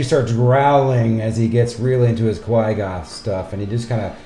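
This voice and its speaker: A man's voice: fairly low pitch, steady tone, moderate pace. A man narrating as game master in a casual, rambling way. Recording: echoey room with loud music.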